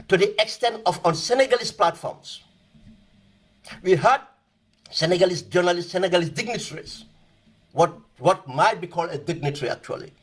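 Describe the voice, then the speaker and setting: A man's voice: sits high, lively intonation, normal speed, husky. A man giving emphatic, impassioned political commentary, repeating phrases for stress. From Gambia.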